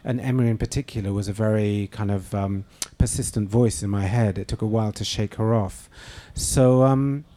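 Hesitant low-voiced man, mellow tone. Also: steady tone, moderate pace, few pauses. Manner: thoughtful, hesitant with many fillers and restarts. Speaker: novelist and screenwriter. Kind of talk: interview answers.

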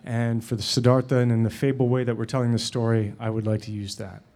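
A man quoting an older film director in a gentle, measured way, close to his own voice. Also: mid-range voice, flat delivery, lightly acted. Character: older male film director, calm and encouraging.

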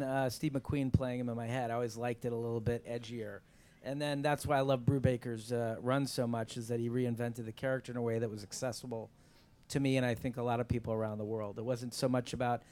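Animated male panelist. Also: mid-range voice. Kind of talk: panel discussion answers.

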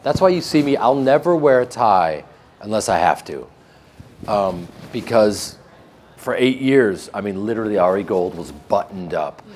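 A man's voice: on the low side, moderate pace, a little hiss or hum. Joking Midwestern American man. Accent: flat Midwestern American. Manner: joking, animated storytelling with laughs. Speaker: actor guest. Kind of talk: casual interview chat.

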